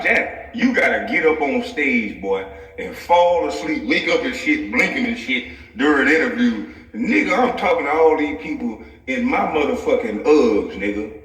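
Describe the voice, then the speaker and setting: A man with a lively, bouncing delivery rants in a loose, profane, comic way and keeps breaking into laughter mid-sentence. He sits back from the mic, so his voice arrives a little distant. The room around him is echoey. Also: medium pitch. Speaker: vlogger. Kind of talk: profane comic rant to camera. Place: home office.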